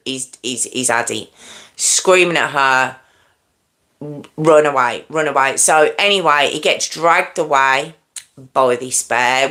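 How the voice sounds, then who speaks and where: A woman with a low voice tells a true crime story slowly to her livestream audience. She talks in a conversational, halting way, restarts her sentences and keeps checking in with her listeners. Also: sharp tone.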